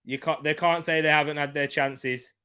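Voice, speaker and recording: A man hosting a live football watchalong, excitable, laughing often and shouting out at near chances. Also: a little high, moderate pace, clear, resonant tone.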